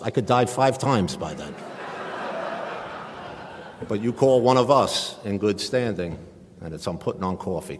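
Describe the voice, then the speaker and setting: A man's voice: deep voice, big-room sound, slight background noise. A middle-aged man with a New York accent, telling his recovery story in an earnest, humorous way at a meeting. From Staten Island, New York. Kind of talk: personal recovery talk. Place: meeting hall.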